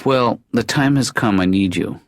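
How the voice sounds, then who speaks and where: An actor playing a mild middle-aged male therapist in an animated sitcom, with a soft deadpan delivery. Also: medium pitch, normal speed, dry recording, studio quality, natural voice. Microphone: dry studio mic.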